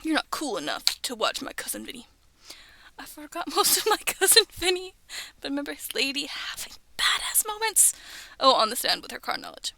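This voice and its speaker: A woman's voice: high-pitched, sing-song, brisk, sharp tone, a little hiss or hum. A young woman streaming from her bedroom, chatting in a rambling, giggly way that often drops to a whisper. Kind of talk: casual chat on a livestream.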